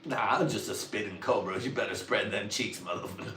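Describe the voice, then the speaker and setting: A man's voice: low voice, fairly even intonation, brisk, noisy background. A man doing crude, rambling comedy on a livestream, swearing freely and laughing at his own jokes. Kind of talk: crude stand-up riffing on a livestream. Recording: roomy sound, distant from the mic, faint ambience.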